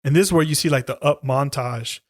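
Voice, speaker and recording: A co-host's animated horror-movie recap fills this casual podcast chat, heavy with profanity and acted-out character lines. His fairly high voice moves briskly, in a clean studio recording without echo.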